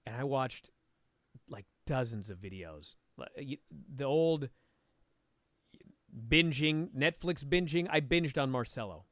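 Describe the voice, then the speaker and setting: A man talking as a guest and instructor, telling a story in a casual, animated way and swearing freely. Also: mid-range voice, takes it slowly, pauses often, dry recording, studio quality. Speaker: podcast guest, martial arts instructor.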